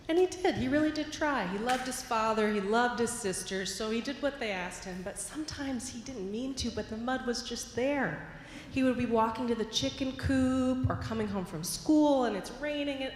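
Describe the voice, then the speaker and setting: A woman's voice: fairly high pitch, normal speed, a little hiss or hum. Playful woman minister in an echoing sanctuary. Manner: playful, animated storytelling. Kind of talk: sermon storytelling. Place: church sanctuary. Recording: echoey hall with long reverb, faint ambience.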